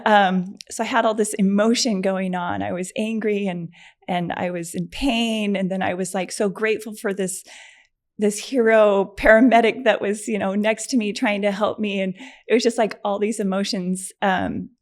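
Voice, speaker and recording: A middle-aged woman, a podcast guest, telling a personal story in a chatty, animated way, with many fillers and frequent laughs. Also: medium pitch, normal speed. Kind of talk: conversational storytelling.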